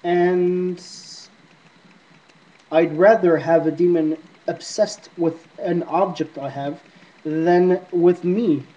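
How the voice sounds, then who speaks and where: A man's voice: high voice, steady tone, slow pace, warm tone. Rambling man on a dull lo-fi recording. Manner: rambling, talks back to unseen spirits. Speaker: paranormal app vlogger. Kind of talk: casual rambling monologue to camera. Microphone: iPod camera mic.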